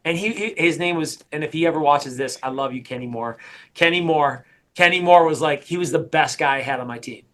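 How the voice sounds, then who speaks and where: A middle-aged man leads a sales coaching session in an energetic, emphatic way, hammering his points home by repeating them. His voice is bright and forceful and sits a bit high. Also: brisk.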